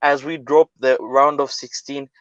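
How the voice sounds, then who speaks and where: A man co-hosting a casual football prediction chat from another room over a video call. He talks in a relaxed, conversational and slightly weary way. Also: medium pitch, a little slow, no echo. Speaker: co-host. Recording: dry, dull lo-fi call audio.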